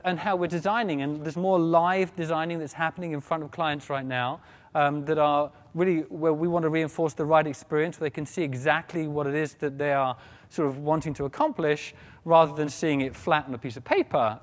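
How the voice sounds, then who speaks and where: Keynote speaker: a high-pitched, animated man, reverberant hall sound. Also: moderate pace. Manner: animated, jokes with the audience. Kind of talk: conference keynote. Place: large conference hall stage. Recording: long reverb of a large hall.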